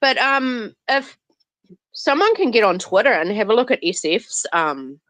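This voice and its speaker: A woman's voice: a little high, expressive, unhurried, a bit bright, no echo, low-quality recording. A woman chatting as a guest on a live online panel, teasing and laughing as she talks. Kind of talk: casual live panel chat.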